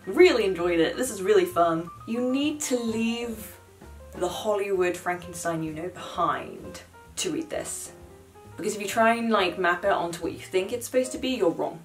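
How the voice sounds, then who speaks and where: A young woman talking casually to camera about books, animated and blunt, with sarcastic asides. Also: fairly low pitch, moderate pace, soft background music. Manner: chatty, animated, swears and mocks in quoted asides. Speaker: book vlogger. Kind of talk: casual chat.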